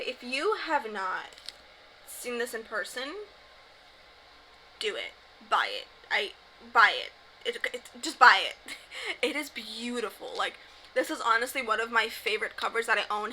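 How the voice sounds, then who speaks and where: A woman's voice: on the high side, sharp tone, a little hiss or hum, poor audio. A young woman book vlogger chatting casually to camera, gushing and emphatic about her favorite reads.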